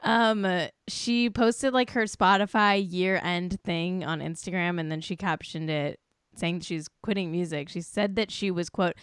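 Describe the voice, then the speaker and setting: A woman's voice: on the low side, measured pace, clean tone, no room sound, studio quality. A young woman hosting a casual celebrity gossip podcast, chatty and full of "like". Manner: chatty, lots of "like", quotes aloud. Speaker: podcast host.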